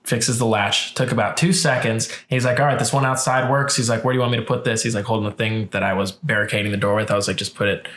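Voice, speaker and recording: He speaks on the low side, fast and with hardly any pauses, as a podcast co-host telling a story in casual chat. The echoey recording catches his animated, profane delivery as he acts out what people said.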